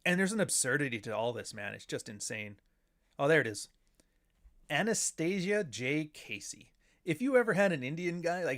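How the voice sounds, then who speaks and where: A man's voice: a little high, very animated, normal speed, fairly bright tone. Profane, sardonic middle-aged Canadian man. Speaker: show host. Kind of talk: casual livestream commentary.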